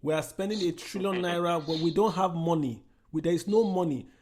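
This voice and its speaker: A man from Nigeria, hosting a live audio discussion. He is emphatic, repeats key points slowly, and fires off rhetorical questions. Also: a little high, darkish tone. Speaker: host.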